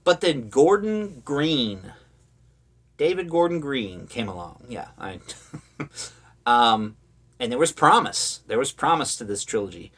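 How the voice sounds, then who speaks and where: A man's voice: mid-range voice, sing-song, slow pace, long pauses, fairly bright tone, husky. A man talking casually about horror movies, rambling with lots of fillers and sarcastic asides. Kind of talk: casual opinionated commentary.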